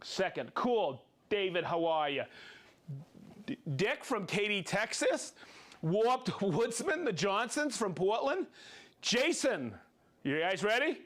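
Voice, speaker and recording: A man with a high, bouncing voice hosts a live stream and rattles off viewers' names and hometowns. He sounds upbeat and playful. His pitch leaps around as he talks. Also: very animated, a bit bright. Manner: upbeat, playful, reads names and places quickly. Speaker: host.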